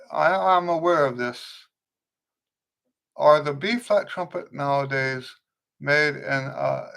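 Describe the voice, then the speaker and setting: A man hosting a live trumpet Q&A, answering viewers' questions in a relaxed, conversational way, often restarting and checking in with "okay?". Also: mid-range voice, creaky. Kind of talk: casual livestream teaching, answering viewer questions.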